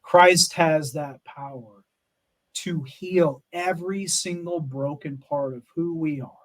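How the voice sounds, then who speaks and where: Earnest middle-aged American man, higher voice. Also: takes it slowly, poor audio. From United States. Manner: earnest, emphatic, many fillers and restarts. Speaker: podcast guest, Army Ranger veteran. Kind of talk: candid interview talk.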